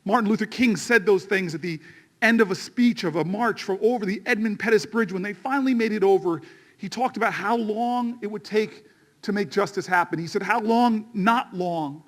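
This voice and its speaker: A man giving an impassioned rally speech, telling a story and building to shouted refrains. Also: sits high, a little fast. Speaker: politician.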